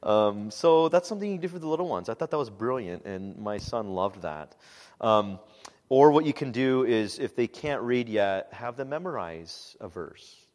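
A man speaking as a pastor, giving a relaxed, conversational church teaching talk with frequent "um"s. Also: on the low side, unhurried, long reverb tail. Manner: relaxed and conversational, with frequent "um"s and animated quoted asides.

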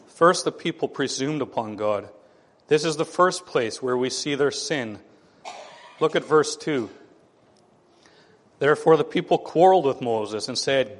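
A man preaching a sermon, animated, acting out the voices of the people he quotes. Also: mid-range voice, normal speed, long reverb tail.

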